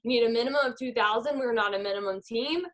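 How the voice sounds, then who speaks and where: A woman's voice: a little high, fast, a bit bright. A woman, a network marketing leader giving an upbeat motivational talk over a video call. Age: 20s. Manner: upbeat, guides a visualization.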